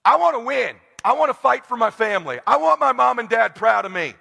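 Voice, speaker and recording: A man in his forties, a motivational speaker giving a blunt, intense speech to a live audience, swinging between hushed lines and shouts. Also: extremely high pitch, expressive, fairly quick, gravelly. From United States. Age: 40s. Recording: echoey hall with long reverb.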